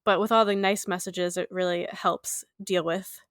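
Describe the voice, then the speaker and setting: A woman's voice: lowish voice, fairly even intonation, normal speed, a bit bright, no room sound, clean studio sound. Stuffy-voiced woman chatting casually. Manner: chatty, laughs easily, many fillers. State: stuffy from a cold. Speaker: podcast co-host. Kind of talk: casual chat.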